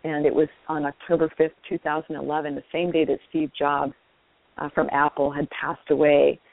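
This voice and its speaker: Woman guest on a call-in radio show, animated, earnest storytelling, phone-line sound. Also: low-pitched, normal speed, gravelly. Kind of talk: casual interview storytelling.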